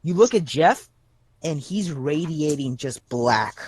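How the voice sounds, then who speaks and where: A young man with a fairly high voice runs a tabletop game, describing scenes in a halting way, full of little restarts. He stops often to rephrase. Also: lively intonation, a little mellow, husky. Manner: halting, many restarts and fillers. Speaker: game master.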